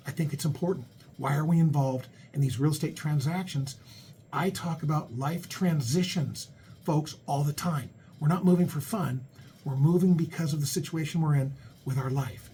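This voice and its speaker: A man's voice: on the high side, mellow, a little hiss or hum. A middle-aged American man hosting a talk radio show about real estate, speaking in a chatty, folksy way and often restarting his words. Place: radio studio.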